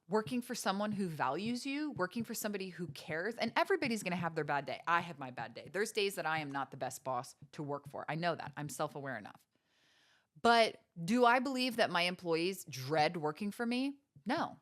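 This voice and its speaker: A woman's voice: medium pitch, a bit bright. A woman hosting a podcast, giving earnest, preachy motivational talk with faith references and many rhetorical questions. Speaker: podcast host.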